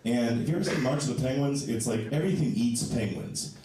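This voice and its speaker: A man doing a stand-up comedy set on a club stage, self-mocking and animated, acting out the people he quotes. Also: medium pitch, fairly quick. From Ohio. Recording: echoey club, distant mic, crowd noise.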